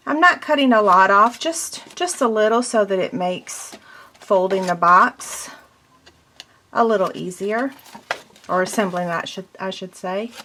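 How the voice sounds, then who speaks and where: A woman's voice: medium pitch, fairly bright tone, slight background noise. A woman giving a casual step-by-step paper crafting tutorial, chatty and self-deprecating as she works.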